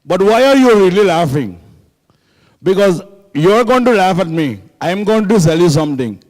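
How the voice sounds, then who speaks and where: A man's voice: fairly high pitch, moderate pace, a little mellow, natural voice. A man putting on a cheeky T-shirt seller. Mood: teasing. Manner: teasing, mocking the crowd. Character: cheeky male T-shirt seller with mock accent. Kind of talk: stand-up comedy bit.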